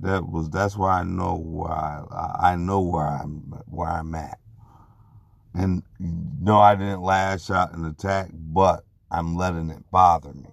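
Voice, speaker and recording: A man giving a personal testimony in unscripted talk, earnest and halting, often restarting and repeating words. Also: low voice, creaky, husky, no echo.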